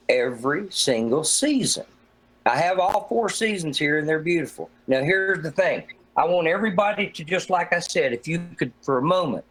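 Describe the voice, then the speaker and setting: A middle-aged man with a slightly high voice argues his case in a rambling, profane and combative way. He talks in a casual online debate chat, full of swearing and pushback. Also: fairly bright tone, breathy edge, rough recording. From Oregon, USA. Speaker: flat-earth guest in a debate hangout.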